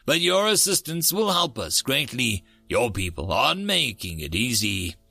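A man's voice: mid-range voice, big pitch swings, moderate pace, creaky, sharp tone, no echo, soft background music, heavily acted. A man voicing a formal, patient male alien interrogator in a sci-fi story. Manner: formal, clipped.

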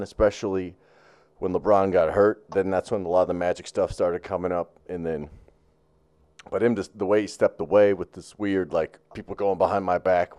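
A man's voice: low voice, a little mellow, clean tone. A man co-hosting a sports chat show, talking in a rambling, profane way with lots of fillers and restarts.

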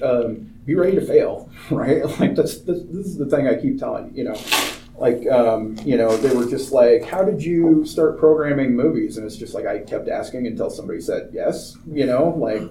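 A man chatting casually about old films, rambling along with constant "like" and "you know". He sounds distant from the mic in an echoey room. Steady background noise runs under him. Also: mid-range voice, normal speed. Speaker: film programmer and podcast co-host. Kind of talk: casual film chat.

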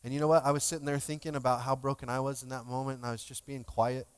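A man's voice: medium pitch, little pitch movement, fast, clean tone. A male pastor giving a sermon in a conversational, emotional way, joking with his congregation. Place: church sanctuary. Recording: long hall reverb.

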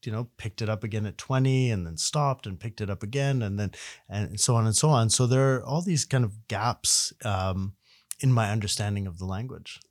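A middle-aged man from Canada, a guest researcher, telling stories in a casual, animated way and often correcting himself mid-sentence. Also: on the low side, normal speed, dry recording, studio quality. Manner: animated, self-correcting, frequent fillers. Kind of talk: casual conversational storytelling.

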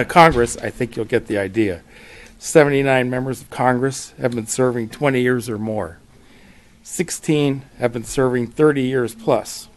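A man giving prepared testimony at a hearing, reading facts and figures in a measured, steady way. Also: medium pitch. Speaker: public witness at a legislative hearing. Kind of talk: prepared testimony read at a podium.

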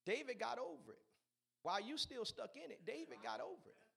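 A man's voice: extremely high pitch, expressive, a little fast, creaky, bright, forceful tone. A man preaching a sermon in an emphatic, repetitive way, urging his listeners on.

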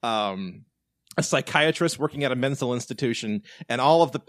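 A man co-hosting a casual podcast chat, animated and joking, with some swearing. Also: mid-range voice, normal speed, dry recording. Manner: animated, profane, joking, breaks into shouted bits. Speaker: podcast co-host.

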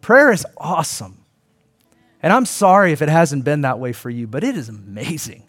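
A man's voice: fairly high pitch, expressive, normal speed, fairly bright tone, faint music behind. A middle-aged man preaching a sermon, earnest and conversational, acting out quoted voices. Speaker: pastor.

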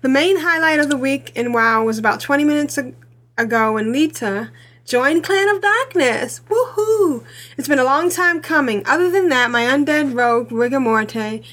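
Woman podcast host, high pitched, giggly and talkative. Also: expressive, moderate pace, fairly bright tone. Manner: chatty, laughs often. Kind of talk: casual chat.

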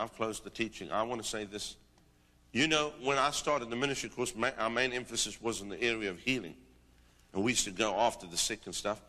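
Bright-voiced preacher man in a reverberant hall. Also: medium pitch. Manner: animated storytelling, rising into declamatory prophecy. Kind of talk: sermon with testimony and prophetic exhortation. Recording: long reverb of a large hall.

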